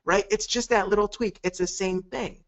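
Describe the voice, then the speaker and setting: A man's voice: high voice, steady tone, normal speed, a bit bright, lo-fi sound. A man coaching on a live webinar, talking with energy and acting out quoted phone calls. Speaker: network marketing coach.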